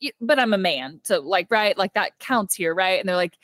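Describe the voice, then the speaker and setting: A woman's voice: medium pitch, normal speed. A young woman chats through a movie plot on a podcast, acting out the characters' lines as she goes. Her voice sits in a middle range and is recorded close and dry, with no room echo behind her. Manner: animated retelling with quoted character voices and frequent laughter. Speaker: podcast co-host. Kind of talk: casual movie recap chat.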